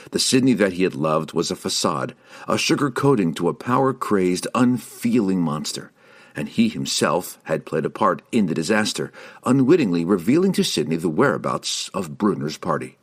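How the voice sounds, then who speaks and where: A man reading a fantasy novel aloud as an audiobook, measured and expressive. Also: deep voice. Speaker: audiobook reader. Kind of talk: scripted fantasy novel narration.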